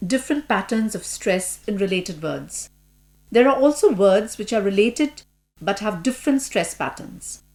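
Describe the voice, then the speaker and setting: A woman's voice: mid-range voice, animated, measured pace, darkish tone. A woman formally announcing course units and activity titles in a scripted educational recording. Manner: formal, crisp section announcements. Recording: faint mains hum.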